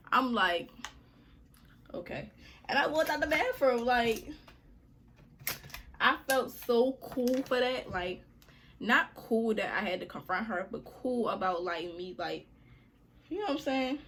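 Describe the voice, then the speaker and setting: A woman's voice: a little high, animated, measured pace, long pauses, fairly bright tone, a little hiss or hum. A young woman vlogger telling a story to her viewers in a chatty, slangy way, often calling them y'all.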